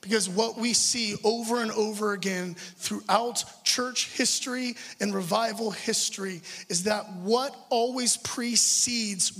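Male pastor, high-pitched, earnest and conversational sermon delivery, recorded in a reverberant church hall over faint music. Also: fairly bright tone, husky. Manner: earnest, conversational preaching with stumbles.

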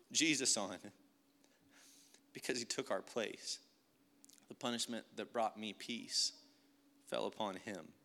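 A man's voice: mid-range voice, bright, forceful tone. A young man giving an emotional, earnest testimony sermon, often saying "like" as he speaks. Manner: earnest, emotional, many "like" fillers. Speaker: preacher.

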